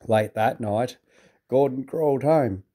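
Mellow British man reading a storybook. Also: mid-range voice, takes it slowly. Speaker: narrator.

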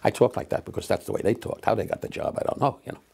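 Gravelly, husky man in his eighties. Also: lowish voice, animated, a little mellow. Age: 80s. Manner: rambling, halting, with many fillers and wry asides. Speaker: comedian reminiscing. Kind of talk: casual anecdotal storytelling.

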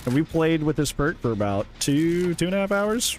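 A man's voice: a little high, very animated, moderate pace, few pauses. A young man streaming a video game, ranting sarcastically and swearing often in casual commentary.

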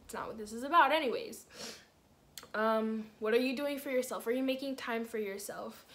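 A woman vlogger giving motivational self-improvement advice to the camera, talking fast, rambling and restarting as her words tumble out. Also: on the high side, fairly bright tone, slight background noise. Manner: earnest, coaching, asks the viewer questions. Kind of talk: casual motivational to-camera talk.

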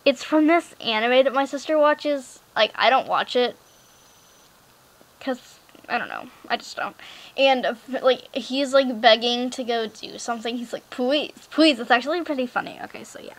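Chatty high-voiced teen girl. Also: animated, normal speed, low-quality recording. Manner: rambling, chatty, lots of fillers and "like". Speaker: gaming vlogger. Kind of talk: casual screen-recorded game chat.

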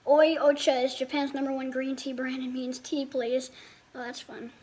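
A woman's voice: high voice, level tone, moderate pace, darkish tone. A woman casually reviewing a meal, thinking aloud, rambling, and talking with her mouth full. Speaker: food reviewer. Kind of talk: casual chat while eating.

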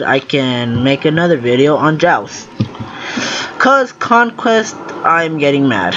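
A man's voice: medium pitch, dull audio. A man giving live commentary while playing a game. He thinks aloud, gets flustered easily, and exclaims and groans as he goes. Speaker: gaming video creator. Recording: loud noise under the voice.

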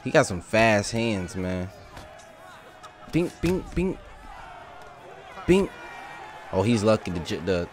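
Young male gamer, casual play-by-play, lively pitch, loud bursts of trash talk. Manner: excitable trash talk, shouting and laughing at the game. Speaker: gaming YouTuber. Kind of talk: casual live gameplay commentary.

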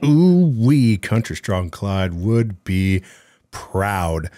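Rambling, jokey low-voiced man hosting. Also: sing-song, extremely slow, mellow, dry recording, studio quality. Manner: rambling and jokey, slips into mock accents. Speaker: podcast host. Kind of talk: casual chat.

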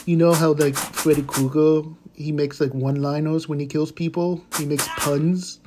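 A man voicing a cheerful, eager pitbull puppy, commenting on gameplay with excitable gasps and goofy puns. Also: fairly high pitch, moderate pace, background noise, lightly acted. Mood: excited. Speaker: game commentator.

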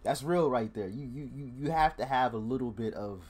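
A man hosting a music reaction, casually commenting in an animated, profane way, laughing often and swinging between loud outbursts and low mutters. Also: a little fast, slightly rough.

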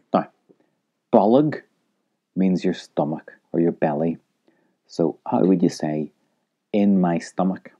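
A man's voice: deep voice, warm tone, muffled recording. A man teaching an audio language lesson, patiently repeating phrases for the listener to echo.

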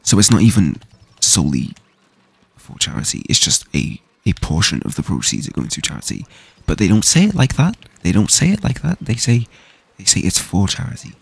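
A man's voice: lowish voice, very animated, a little fast, vocal fry, breathy edge, no echo. A young man from the UK ranting casually and swearing while playing a game, with frequent restarts. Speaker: gaming streamer. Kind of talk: casual rant while gaming.

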